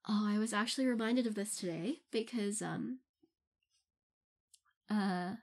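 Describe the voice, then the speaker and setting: A woman's voice: medium pitch, measured pace, darkish tone. A young adult woman who creates audio content, answering listener questions in a casual, rambling way and laughing often between phrases. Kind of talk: casual Q&A chat.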